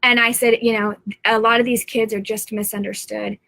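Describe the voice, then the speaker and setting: A woman's voice: on the high side, little pitch movement, moderate pace, vocal fry, bright, forceful tone, no room sound. A middle-aged woman, a psychic medium, talking to viewers from home in a rambling, earnest live-stream monologue.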